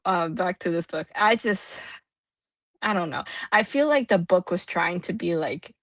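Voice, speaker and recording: A woman's voice: fairly low pitch, dry recording. A woman co-hosting a casual book club chat over a video call, thinking aloud with frequent restarts.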